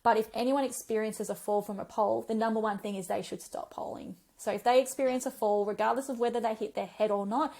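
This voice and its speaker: A woman, a physiotherapist guest on a podcast, telling stories in a chatty, animated way with lots of fillers. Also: a little high, quick pace, few pauses. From Australia. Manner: chatty storyteller, animated retellings, frequent um and like. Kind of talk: conversational podcast interview.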